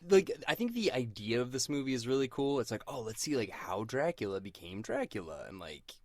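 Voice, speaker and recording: A man co-hosts a laid-back podcast chat, talking in an animated way and laughing often. His pitch swings widely. The sound is dry and close. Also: a little fast, no room sound. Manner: animated, laughing, swearing casually. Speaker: podcast co-host. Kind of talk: casual chat.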